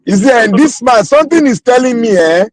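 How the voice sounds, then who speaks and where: A man's voice: very high voice, animated, fairly quick, low-quality recording. A man speaking Nigerian Pidgin English in a heated political chat, arguing his point with rhetorical questions. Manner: argumentative, asks rhetorical questions.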